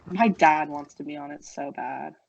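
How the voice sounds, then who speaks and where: A young woman from New Jersey, co-hosting a casual podcast chat, excitable and quick to defend herself. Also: low-pitched, creaky, highs cut off, slight background noise. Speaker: podcast co-host.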